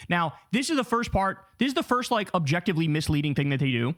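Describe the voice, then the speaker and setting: A man in his thirties streaming, reading an article aloud and reacting with profane, animated swagger. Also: a little high, fast, few pauses. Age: 30s.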